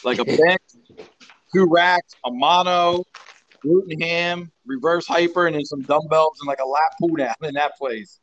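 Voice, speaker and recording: A man's voice: fairly high pitch, measured pace, lo-fi sound. Man spinning rowdy, profane gym stories. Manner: profane, rambling, animated storyteller. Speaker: strength coach and guest. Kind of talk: casual storytelling interview.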